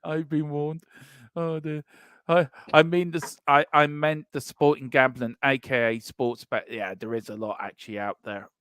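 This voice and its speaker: A man's voice: a little high, steady tone, moderate pace, a bit bright, smooth, no echo. Guy co-hosting a footy fan podcast, jokey, reading out comments, dry close sound. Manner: jokey, reads out listener comments. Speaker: podcast co-host. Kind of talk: casual fan podcast chat.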